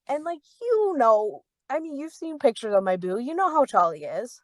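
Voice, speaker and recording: A woman's voice: big pitch swings, moderate pace, hardly any pauses, no room sound. A young woman hosting a podcast, telling a story in a casual, heated way, swearing freely, saying "like" often and acting out the voices in her story. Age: young adult. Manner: reenacts dialogue with raised pitch. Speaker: podcast host.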